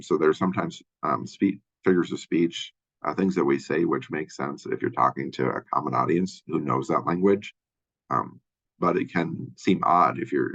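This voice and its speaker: A man from Minnesota with a Minnesotan accent and a deep voice, giving a casual college lecture full of fillers and restarts. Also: gravelly, a bit bright, breathy edge, highs cut off. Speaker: college instructor. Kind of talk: lecture overview of a textbook chapter.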